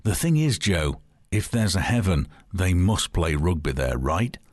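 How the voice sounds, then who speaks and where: A man playing an excitable old man in his nineties, a devoted rugby fan who talks with raised, eager energy. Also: low voice, measured pace, no echo, heavily acted. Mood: earnest.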